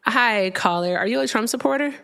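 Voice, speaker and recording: A woman's voice: a little high, fairly quick, gravelly, pushed and bright, clean tone. A woman hosting a live call-in stream, talking casually with a sarcastic, chatty manner and lots of fillers. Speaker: livestream host.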